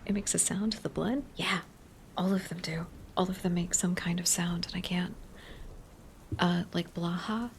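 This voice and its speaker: A woman streamer in a whispered ASMR chat, musing softly in rambling, nerdy tangents. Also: lowish voice, steady tone, normal speed, vocal fry, slight background noise.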